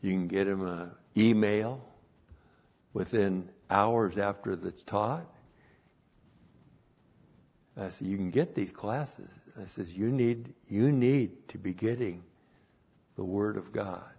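A man preaching a sermon and teaching the Bible as a pastor, repeating phrases and rising loud to stress a point. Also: lowish voice, slow pace, creaky, breathy edge. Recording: dull lo-fi recording.

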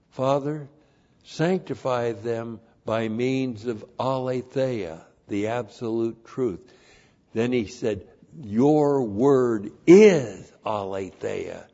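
Male pastor, deliberate and unhurried, emphatic Bible teaching, dull lo-fi church recording. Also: mid-range voice, a little mellow. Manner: slow, emphatic, repeats key words, spells out Greek terms. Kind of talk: expository sermon.

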